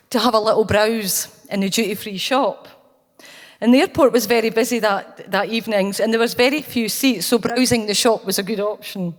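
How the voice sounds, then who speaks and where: A Scottish woman speaking at a conference, telling a personal anecdote with earnest, anecdotal warmth. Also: on the high side. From Scotland. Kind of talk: storytelling keynote talk. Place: conference hall. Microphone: handheld or stage mic, cutting out. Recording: long hall reverb.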